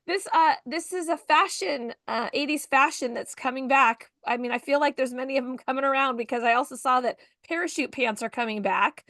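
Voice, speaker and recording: A woman's voice: high voice, a little fast, few pauses, sharp tone, no room sound, clean studio sound. A woman co-hosting a morning show, chatting casually and reading out news items. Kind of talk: casual radio-style chat.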